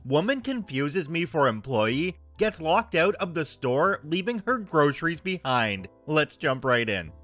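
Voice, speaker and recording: A man's voice: a little high, very animated, measured pace, few pauses, fairly bright tone, faint music behind. A man in his thirties reading online stories aloud and commenting with wry, joking asides. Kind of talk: casual story narration and commentary.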